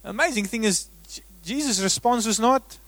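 A man preaching a sermon as a pastor. He swings between loud, emphatic bursts and hushed, drawn-out words. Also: high voice, no echo.

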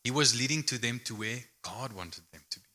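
A man's voice: medium pitch, expressive, brisk, bright, forceful tone. A man preaching a sermon in a conversational, emphatic way with light humor.

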